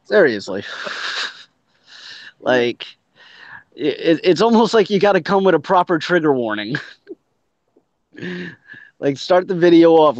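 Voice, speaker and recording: A man in his thirties speaks in an earnest, reflective way during a casual chat and laughs easily along with his partner. His voice sits a touch high. The sound is dull, lo-fi and dry. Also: big pitch swings, measured pace, pauses often, a little mellow, no echo.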